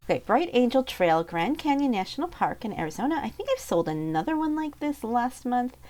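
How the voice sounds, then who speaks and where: A woman's voice: fairly high pitch, sing-song, brisk, darkish tone. A woman casually talking through postcards she sold online, chatty and thinking aloud with fillers and asides. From Montana. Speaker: eBay postcard seller. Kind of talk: casual sales recap vlog.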